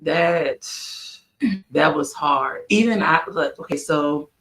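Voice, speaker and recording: A woman talking candidly and animatedly, with many restarts and sudden high jumps in pitch, sometimes catching her breath. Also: slow, fairly bright tone. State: short of breath from throat trouble. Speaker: podcast co-host. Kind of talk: candid casual chat.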